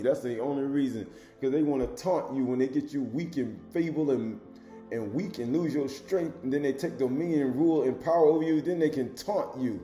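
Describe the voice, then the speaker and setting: A man's voice: brisk, reverberant. Guy preaching a sermon, casual talk, rhetorical questions, faint music under it. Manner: swings between loud emphatic reading and low murmured asides; colloquial, rhetorical questions to the listener. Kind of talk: sermon with scripture reading.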